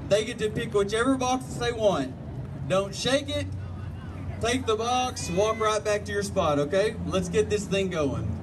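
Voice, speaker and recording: A man with a high, slightly slow voice hosts a contest, announcing a prize draw and walking through the rules step by step in a folksy manner. He's recorded on a distant mic at a noisy outdoor event.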